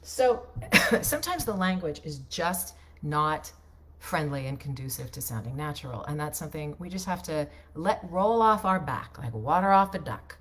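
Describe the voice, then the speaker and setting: Chatty woman coaching with a lowish voice. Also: expressive, moderate pace. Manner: chatty, ends points with tag questions; loose, unpolished delivery with restarts. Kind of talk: casual on-camera teaching.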